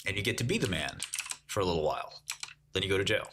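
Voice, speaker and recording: A man's voice: sits low, sing-song, fast talker, noisy background. A man in his forties hosting a casual livestream, joking with the chat and laughing often. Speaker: livestream host. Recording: keyboard typing clicks. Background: keyboard typing.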